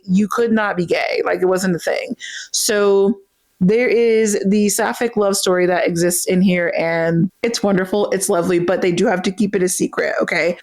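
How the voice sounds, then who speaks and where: A woman hosting a casual book review vlog, gushing and emotional, full of fillers and direct "okay?" asides to her viewers. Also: mid-range voice. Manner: speeds up in rushes, then slows right down for emphasis.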